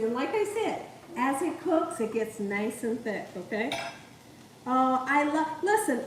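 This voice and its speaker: Chatty high-voiced woman cooking live. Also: a little hiss or hum. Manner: chatty, laughs often, says okay a lot. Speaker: cooking channel host. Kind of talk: live cooking stream, reading chat. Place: home kitchen. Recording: echoey kitchen, mic far off.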